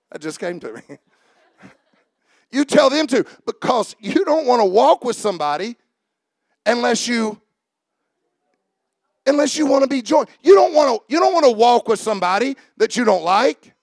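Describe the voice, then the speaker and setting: Man preaching, very high voice, gravelly edge, shouting sermon. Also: sing-song, normal speed, long pauses, no room sound, clean studio sound. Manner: preaching, often shouting, asking the congregation questions. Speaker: pastor.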